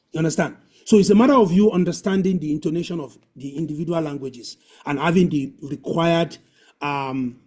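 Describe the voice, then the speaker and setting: A webinar host teaches a language class online by video call, going over points again and again and drilling pronunciation. He speaks with a slightly high, husky voice that has a dark tone.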